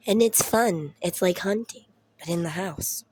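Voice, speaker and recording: Slow-talking Southern mom telling stories. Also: female voice, on the low side, darkish tone, slight background noise. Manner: rambling, profane, laughs through her stories. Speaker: mom vlogger. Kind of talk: casual storytelling chat. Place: at home.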